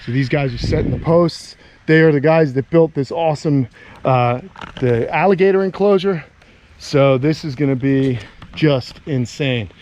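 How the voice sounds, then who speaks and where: A man's voice: on the high side, moderate pace, darkish tone, slight background noise. An enthusiastic man chatting casually in an outdoor vlog while walking around his animal camp. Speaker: animal keeper and vlogger.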